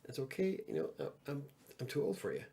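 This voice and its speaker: A man's voice: mid-range voice, huge pitch swings, quick pace, vocal fry, warm tone. Casual joking man on a livestream. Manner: joking, reads out chat messages. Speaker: livestream host.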